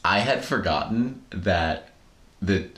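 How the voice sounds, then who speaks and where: A man's voice: low-pitched, lively intonation, slow pace, fairly bright tone. A man co-hosting a podcast, making dry remarks in casual movie chat. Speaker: podcast co-host. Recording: roomy echo.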